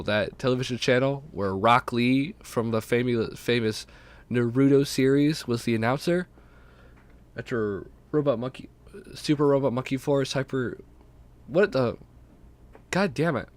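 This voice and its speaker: Congested young man rambling on a podcast. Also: mid-range voice. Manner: rambling, self-deprecating, profane. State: sick, congested. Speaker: podcast host. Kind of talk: casual solo podcast talk.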